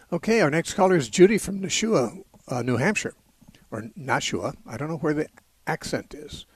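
A man hosting a call-in radio show, explaining Bible passages in a measured way and often correcting himself mid-sentence. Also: a little high, lively intonation, darkish tone, slightly rough.

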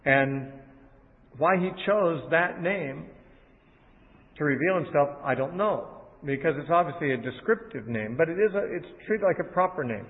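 A man teaching a sermon, paraphrasing scripture in a conversational way with fillers and restarts. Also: fairly high pitch. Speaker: Bible teacher. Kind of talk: expository sermon. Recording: tinny phone-like sound with long reverb.

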